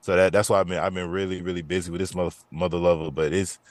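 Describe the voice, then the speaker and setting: A man in his thirties, co-hosting a podcast, telling a story in a lively, profane way and often repeating himself. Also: deep voice, quick pace, no echo. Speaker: podcast co-host. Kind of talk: casual chat.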